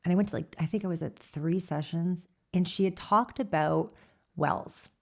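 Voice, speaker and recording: A woman in her thirties tells her personal testimony to an interviewer, candid and animated as she acts out what each person said. Her voice sits fairly low and has a gravelly, fry-laced edge. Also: moderate pace. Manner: candid storyteller who quotes herself and laughs often. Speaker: church member giving her testimony.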